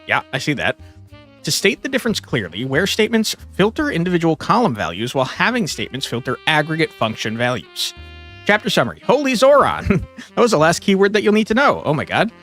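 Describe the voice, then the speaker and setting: Lively young man streaming a game. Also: fairly high pitch, fast talker, soft background music. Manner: animated, jokey, reads game text aloud with asides. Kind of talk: casual game stream chat. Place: home streaming setup. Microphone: desk microphone.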